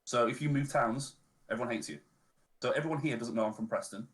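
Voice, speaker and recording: A man with a Lancashire accent chatting as a guest on a stream, easygoing and relaxed, dropping local slang. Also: medium pitch, quick pace. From Northern England. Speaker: podcast guest. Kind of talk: casual chat on a charity stream.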